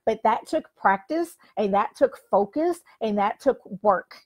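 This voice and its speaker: An older woman life coach, speaking to the camera in an animated, somewhat high voice with a darkish tone, takes an unhurried pace. Her motivational talk is candid and forceful, laced with "like."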